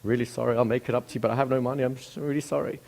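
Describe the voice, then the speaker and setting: A man voicing a gentle, clumsy old male kung fu teacher who speaks softly and without hurry. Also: medium pitch, fairly even intonation, vocal fry, close to an everyday voice. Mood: apologetic. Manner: soft, apologetic, unhurried.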